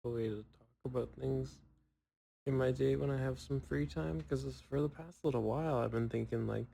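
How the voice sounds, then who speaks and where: A young man in casual solo chat, rambling and poking fun at himself with long pauses. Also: mid-range voice, fairly even intonation, vocal fry, mellow, rough recording. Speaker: podcaster.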